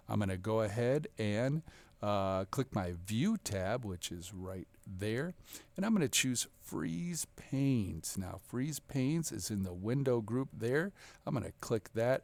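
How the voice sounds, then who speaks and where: Guy walking thru a spreadsheet lesson, kinda gravelly, dry close sound, cheery. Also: fairly low pitch, expressive, takes it slowly, a little mellow, no echo. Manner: upbeat, encouraging, step-by-step. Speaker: instructor. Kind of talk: screen-recorded software walkthrough.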